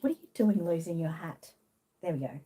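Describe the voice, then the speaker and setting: An Australian woman chatting on a live stream, greeting viewers by name between her thoughts and getting emotional and soft-spoken when she is sad. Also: on the low side, animated, brisk, slight background noise. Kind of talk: casual live-stream chat.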